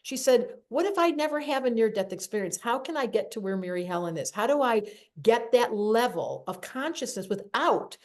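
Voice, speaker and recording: A woman hosting a podcast interview, telling personal stories in an animated, emotional way. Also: fairly high pitch, moderate pace. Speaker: podcast host. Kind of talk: conversational interview.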